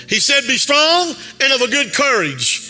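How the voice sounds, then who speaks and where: High bright-voiced preacher in a reverberant church. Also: male voice, very animated, moderate pace. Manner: sing-song preaching cadence with rhetorical calls to the congregation. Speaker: pastor. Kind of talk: sermon. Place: church sanctuary. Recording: long hall reverb with faint music.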